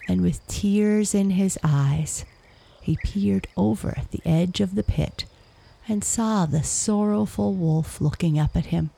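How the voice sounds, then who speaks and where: A woman narrates an animal fable slowly, drifting into a hush at times. Her low voice is dark and husky, with a gravelly fry. Crickets chirp faintly behind her. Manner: slow, hushed, gravelly reading. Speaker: storyteller. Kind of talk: storybook narration.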